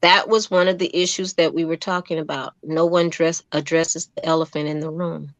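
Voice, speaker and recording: A woman's voice: low voice, moderate pace, no echo, highs cut off. A middle-aged woman, a guest in an interview, telling her story in a heartfelt, emphatic way and acting out the voices of the people in it. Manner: animated storyteller who acts out quoted dialogue.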